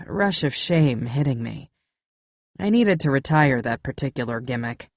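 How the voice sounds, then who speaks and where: A woman narrates a first-person thriller audiobook in a low, measured, intimate voice. She is close on a studio mic. The sound is dry, with no room in it. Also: animated, darkish tone, no echo.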